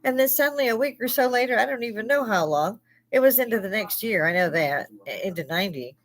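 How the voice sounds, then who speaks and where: A woman's voice: on the high side, expressive, quick pace. A woman in her sixties, a live-stream host, telling rambling stories in a blunt, profane way and laughing often. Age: 60s. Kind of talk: casual chat.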